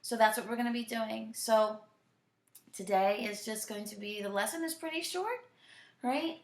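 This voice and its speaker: Patient French teacher in an echoey room. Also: female voice, a little high. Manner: patient, drills conjugations slowly and repeats often. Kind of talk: recorded classroom lesson, switching between French and English.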